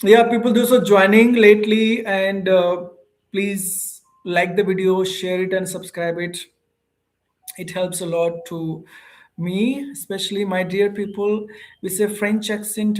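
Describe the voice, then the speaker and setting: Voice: medium pitch, unhurried. A speaker with an Indian English accent, an English teacher who chats casually on a live stream and answers viewer comments with frequent hesitations. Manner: chatty and animated, reads and answers viewer comments, frequent "uh" fillers.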